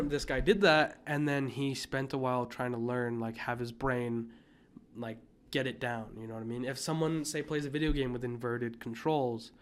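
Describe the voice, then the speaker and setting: A man's voice: medium pitch, fairly even intonation, moderate pace, a little mellow. A young man from the United States, co-hosting a podcast in casual chat, rambling with lots of fillers and restarts. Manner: rambling, many fillers and restarts, coughs now and then. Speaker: podcast co-host.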